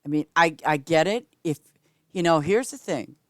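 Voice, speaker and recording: A woman game streamer chatting casually with her viewers while she plays, rambling and swinging between loud greetings and quiet asides. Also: moderate pace, dry recording, studio quality. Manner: chatty, rambling, repeats "I'm just saying"; lively swings in pitch and loudness, sometimes whispering. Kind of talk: casual gameplay chat with viewers.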